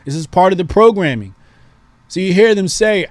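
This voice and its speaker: A man's voice: high voice, lively intonation, normal speed, dry recording. A man hosting a call-in show, giving emphatic, preachy political commentary and repeating points for stress.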